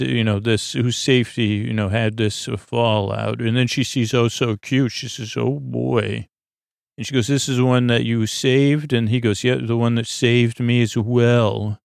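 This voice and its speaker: A gravelly-voiced man hosts a bedtime podcast, recapping an episode in a wandering, halting manner. His pitch stays flat and even as he stumbles through fillers. The sound is close and dry, with no room around it. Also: no room sound. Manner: meandering, halting delivery with many fillers; quotes characters in his own low-key voice. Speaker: podcast host.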